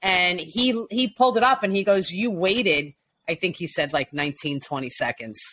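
Animated woman telling a story. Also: on the low side, brisk. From Long Island, New York. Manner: animated storyteller, acts out quotes. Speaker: podcast co-host. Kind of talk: casual chat.

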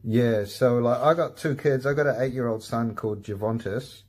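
A man's voice: mid-range voice, moderate pace. A man hosting a casual comedy podcast, laid-back and swearing a lot, laughing at himself. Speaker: podcast host.

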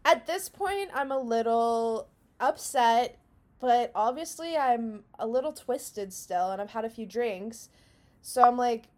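A young woman co-hosting a podcast, telling a story in a casual, animated way and laughing often. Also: a little high, slow. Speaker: podcast co-host.

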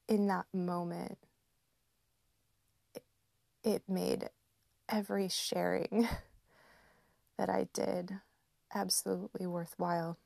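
A woman in her thirties hosting a podcast, speaking in a slow, gentle and emotional personal reflection with soft laughs. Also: lowish voice, gravelly, dry recording, studio quality. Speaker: podcast host.

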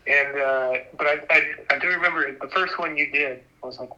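A male podcast guest talks casually, stumbling over and repeating words as he thinks. His voice is very bright and sharp, and it comes through a dull, lo-fi remote line. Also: mid-range voice. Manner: hesitant, repeats words, halting.

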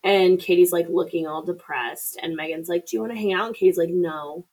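A woman's voice: fairly low pitch, a little fast, a little mellow, low-quality recording. A woman casually retelling a movie plot on a podcast, swearing freely and acting out the characters' lines. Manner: chatty, swearing, acts out quotes. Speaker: podcast co-host.

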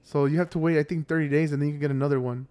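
A man's voice: on the high side, steady tone, racing, darkish tone, clear, resonant tone. A man in casual chat with friends, rambling in a laid-back way and laughing often. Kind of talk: casual banter.

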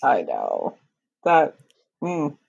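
A woman's voice: deep voice, wildly swooping pitch, extremely slow, gravelly, darkish tone, husky, dull audio. A woman chiming in with short reactions during a casual chat about a show.

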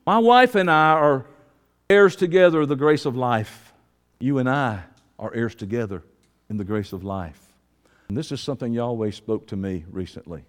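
A man's voice: medium pitch, expressive, moderate pace. A man preaching a sermon to his congregation with a Southern Georgia accent, folksy and calling out to the room. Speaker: pastor. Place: church hall. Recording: preaching in a reverberant hall.

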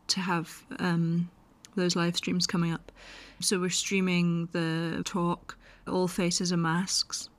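A woman presenting a podcast as a festival's online coordinator, chatting casually and enthusiastically and often laughing. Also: on the low side.

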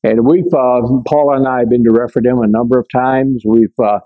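An older man giving a conversational Bible lesson, reading scripture aloud and breaking off to explain it, with frequent pauses and check-ins with his listeners. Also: mid-range voice, narrow, tinny audio. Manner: many fillers and restarts, checks in with listeners. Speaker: Bible teacher.

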